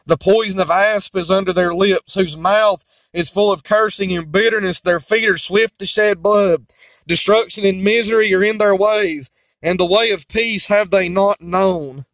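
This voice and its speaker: Quoting King James scripture, this male preacher repeats himself emphatically and mocks objections he imagines from others. His high-pitched voice has a fairly bright tone and normal speed, captured with no echo.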